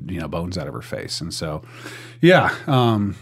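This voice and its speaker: A young man with a low, slightly husky voice hosts a casual podcast. He rambles, repeats words while he gathers his thoughts, and keeps an easy, chatty flow. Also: huge pitch swings, a little slow. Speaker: podcast host.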